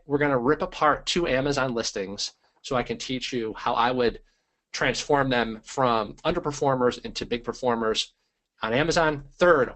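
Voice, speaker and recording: A man hosting a live online training webinar, energetic and hyped-up, greeting viewers by name and talking with lots of fillers. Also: medium pitch. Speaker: webinar host.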